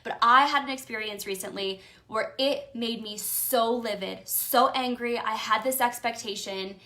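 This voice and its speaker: A woman life coach talks through stress in a casual, emphatic way, full of fillers and restarts. Her voice sits a little high and sounds bright and forceful. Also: normal speed. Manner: chatty and emphatic, with many fillers. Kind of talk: casual motivational talk.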